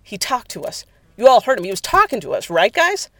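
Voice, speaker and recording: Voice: mid-range voice, wildly swooping pitch, fairly quick, bright, forceful tone, dry recording, studio quality, voice pushed up, exaggerated voice. A narrator voicing a nervous male henchman in a spoken story, talking warily. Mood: spooked. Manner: wary, jittery.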